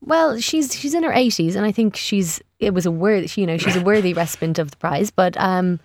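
A woman's voice: medium pitch, brisk, darkish tone, a little hiss or hum. A woman radio producer previewing her show, hesitant with many ums. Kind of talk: studio radio chat. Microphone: studio microphone.

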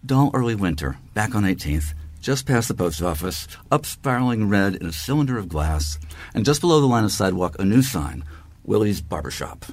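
A man reading a poem in a measured, deliberate way. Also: on the low side, very animated, darkish tone. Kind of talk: poetry reading.

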